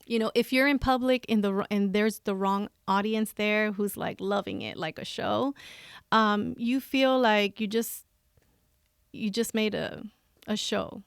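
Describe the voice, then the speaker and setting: A woman's voice: medium pitch, a little slow, creaky, clear, resonant tone, dry recording, clean studio sound. A woman guest on a podcast, talking candidly and animatedly, often laughing and acting out what she and others said. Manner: animated, laughs often, acts out her own quoted thoughts. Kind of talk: candid conversational storytelling.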